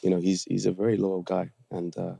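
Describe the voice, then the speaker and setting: A man's voice: sits low, completely flat delivery, brisk, creaky, warm tone, husky, no room sound. A man with a British accent, an actor guest in a podcast interview, easygoing and joking, laughing often. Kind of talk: casual interview chat.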